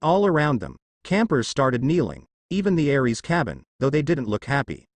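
Brief: male fan-fiction narrator, expressive, dry close read. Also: medium pitch, normal speed, no room sound. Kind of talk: reading fan fiction aloud.

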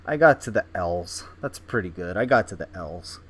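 A man's voice: sits low, lively intonation, unhurried, a bit bright, slight background noise. A young man casually thinking aloud while playing a game, self-mocking and full of restarts. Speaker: gaming video host. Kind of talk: casual gameplay commentary.

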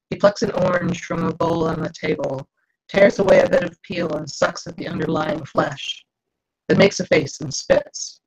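A woman author reading her novel aloud in first person, with measured storytelling narration over a video call. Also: low voice, gravelly, a little mellow, slightly rough. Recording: dull lo-fi video call audio.

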